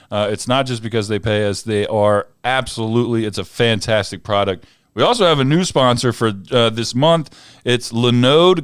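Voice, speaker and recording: A man with a deep voice co-hosting a podcast, chatting casually with lots of fillers and reading sponsor spots. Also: clean tone, no room sound, studio quality. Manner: relaxed, filler-heavy, laughs easily. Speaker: podcast co-host. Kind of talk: casual chat and read ad spots.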